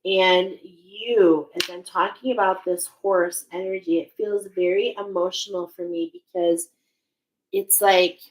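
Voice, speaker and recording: A woman's voice: mid-range voice, lively intonation, measured pace, low-quality recording. A woman giving a spiritual oracle card reading, speaking in a searching, emotional way with many restarts.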